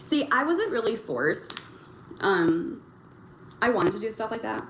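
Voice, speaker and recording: A woman's voice: fairly high pitch, sing-song, fairly bright tone. Rambling young woman in a roomy room. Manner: rambling, halting, full of fillers and restarts. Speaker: livestream host reading chat. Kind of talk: casual livestream chat. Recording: roomy echo, faint background noise.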